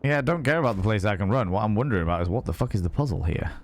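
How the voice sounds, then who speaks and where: A man's voice: fairly low pitch, expressive, racing, slight background noise. A man streaming a horror game, reading notes aloud, swearing and thanking viewers. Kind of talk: casual live gameplay commentary.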